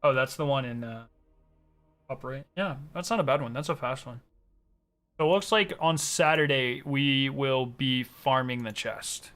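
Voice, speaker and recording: A man chatting casually on a gaming stream, excitable and ranting with plenty of swearing. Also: mid-range voice, unhurried.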